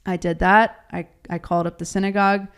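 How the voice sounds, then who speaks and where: A woman's voice: mid-range voice, flat delivery, a little fast, clear, resonant tone. A woman from Baltimore, a guest on an interview show, telling her story in a casual, chatty way, laughing often and acting out what people said. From Baltimore, USA.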